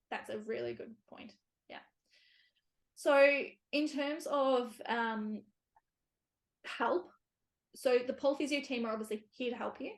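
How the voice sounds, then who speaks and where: A woman hosting a casual podcast conversation, chatty, with many fillers and easy laughs. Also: a little high. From Australia. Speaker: physiotherapist podcast host.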